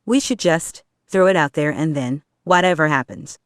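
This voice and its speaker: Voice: medium pitch, lively intonation, normal speed, a bit bright, clean tone, no room sound, clean studio sound, lightly acted. A reader voicing a big teenage male turtle who talks sternly but not unkindly. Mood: earnest.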